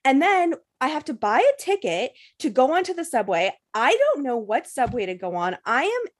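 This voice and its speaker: A woman's voice: high voice, big pitch swings, normal speed. Profane young woman telling a story. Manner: profane, breathless storytelling full of "like" fillers. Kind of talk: casual storytelling chat.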